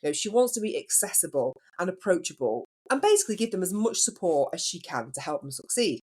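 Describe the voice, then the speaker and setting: A woman's voice: fairly low pitch, big pitch swings, fast, a little mellow, husky. A woman hosting a solo podcast as a business coach, telling a story in a chatty way and putting questions to the listener.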